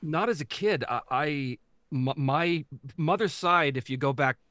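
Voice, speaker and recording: Animated male storyteller, dry sound. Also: a little high, a little slow, no echo. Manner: animated storyteller who acts out voices. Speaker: guest storyteller and game master. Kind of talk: casual interview talk.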